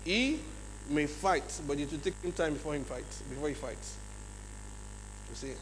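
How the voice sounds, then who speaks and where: A man with a Nigerian English accent giving a lively leadership seminar talk in a large church hall, often checking in with his audience. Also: a little high, moderate pace, pauses often. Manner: acts out examples in changed voices. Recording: long hall reverb, faint mains hum.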